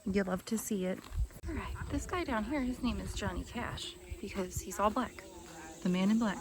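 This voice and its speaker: A young woman vlogging at an outdoor farm sanctuary, chatty and excitable, cooing at the animals. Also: mid-range voice, moderate pace. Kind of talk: casual vlog narration.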